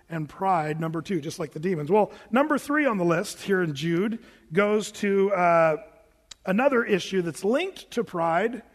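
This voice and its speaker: High-voiced man preaching with long reverb. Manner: conversational, plain-spoken preaching with asides. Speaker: pastor. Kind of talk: Bible-teaching sermon.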